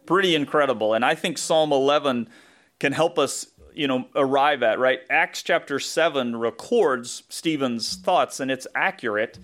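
A man's voice: mid-range voice, fairly bright tone. A man with a Southern US accent, a pastor preaching a conversational sermon, thinking aloud with asides and self-corrections.

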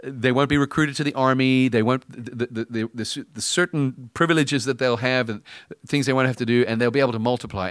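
A man's voice: mid-range voice, fairly bright tone, no room sound, clean studio sound. Man preaching in a casual storytelling tone. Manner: conversational storytelling, acts out dialogue. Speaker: pastor. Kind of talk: sermon.

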